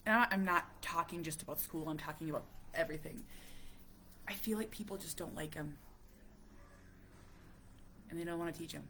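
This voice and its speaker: A woman around forty talking to camera as a parent vlogger, halting and emotional, dropping to a near whisper at heavy moments. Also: low voice, pushed and bright, a little hiss or hum. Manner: halting, emotional, many restarts. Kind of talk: casual talk to camera.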